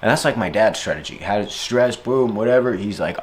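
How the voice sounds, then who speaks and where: A young man talking casually about handling stress, playful and animated, often slipping into silly voices and acted-out quotes. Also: fairly low pitch, normal speed, hardly any pauses. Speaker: speaker reflecting on stress. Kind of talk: casual reflective monologue.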